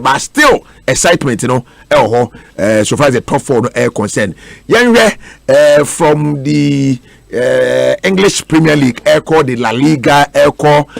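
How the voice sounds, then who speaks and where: A man with a Ghanaian accent hosting a radio sports show, moving lively from league to league. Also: fairly high pitch, creaky, no echo. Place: radio studio.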